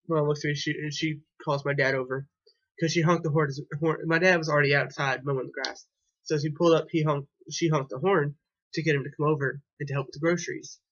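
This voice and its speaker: A young man tells a personal story straight to camera, rambling and hesitant, with frequent restarts and repeats. His voice sits a little high for a man. The sound is dull and lo-fi, like a cheap webcam mic. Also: steady tone, fast talker, a bit bright. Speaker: vlogger.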